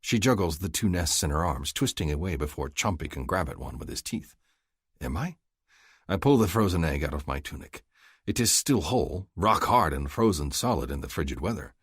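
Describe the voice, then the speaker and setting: A man narrates a first-person romance audiobook in an earnest, expressive way. His voice is very deep with a husky grain, and it swings widely in pitch. The sound is dry and close. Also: normal speed, no echo.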